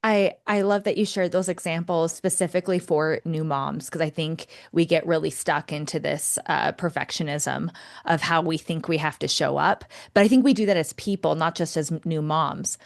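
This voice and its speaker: A young adult woman co-hosting a casual self-help podcast, coaching listeners in an encouraging, animated way. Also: low voice, moderate pace, gravelly. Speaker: podcast co-host.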